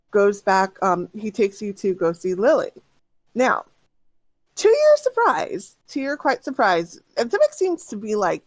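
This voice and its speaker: A woman's voice: mid-range voice, no room sound. A woman narrating as game master in a tabletop game, rambling with many restarts. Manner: rambling, lots of fillers and restarts. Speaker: dungeon master.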